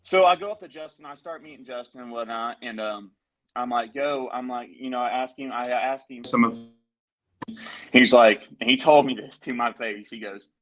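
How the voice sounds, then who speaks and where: A man's voice: medium pitch, normal speed, rough recording. A man, a musician guest on a live stream, telling a long story in a heated, profane, rambling way.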